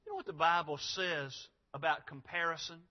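A man's voice: on the high side, normal speed. A man preaching a sermon to young people, earnest, asking rhetorical questions, with frequent "uh" fillers. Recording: dull lo-fi sound.

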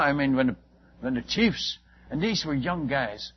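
A man's voice: fairly high pitch, animated, normal speed, breathy edge. An older man telling a long, folksy story about his missionary work in a rambling, casual way, full of restarts and asides. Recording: muffled lo-fi recording with faint hiss.

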